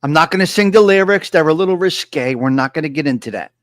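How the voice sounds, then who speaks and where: A man's voice: on the high side, lively intonation, fast, no echo, low-quality recording. A man hosting a casual live-stream show, boastful and joking, often repeating himself.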